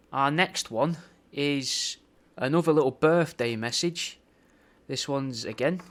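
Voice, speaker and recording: A young podcast host recording paid video messages rambles casually, swearing often and ending his lines with "mate" and "bro." His voice is on the high side and a bit bright.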